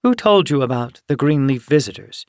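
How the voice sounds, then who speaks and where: A man voicing a brisk, guarded female cat warrior mentor in an audiobook, giving curt answers. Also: mid-range voice, lively intonation, dry recording, clean studio sound, pitched above the performer's own voice, lightly acted. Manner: curt, commanding.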